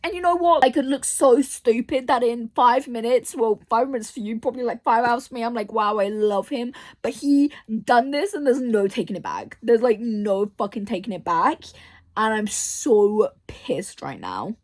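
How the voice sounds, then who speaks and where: A woman's voice: a little high, moderate pace, few pauses, darkish tone. Ranting young woman book vlogger. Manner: ranting, swears a lot. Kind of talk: casual reading vlog chat.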